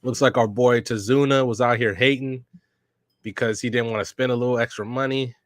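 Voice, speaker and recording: A man casually reading a manga aloud for a reaction podcast, narrating scenes in slangy, relaxed speech and reading character lines without much change in voice. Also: medium pitch, fairly quick, no echo, studio quality. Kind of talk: casual read-along reaction.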